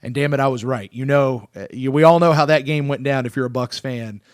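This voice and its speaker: A man in his thirties hosting a casual sports podcast, excitable and animated, often restarting his sentences. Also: medium pitch, a little fast, smooth, no echo, clean studio sound. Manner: excitable, animated, self-interrupting. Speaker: podcast host.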